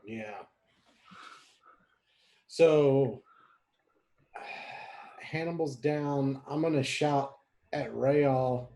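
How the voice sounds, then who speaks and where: An easygoing young man takes his turn in a tabletop game. He talks plainly, with dry jokes at his own expense. His voice is at a middle pitch for a man. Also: steady tone, extremely slow, pauses often, dark tone. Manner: easygoing, dry self-mocking. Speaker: player.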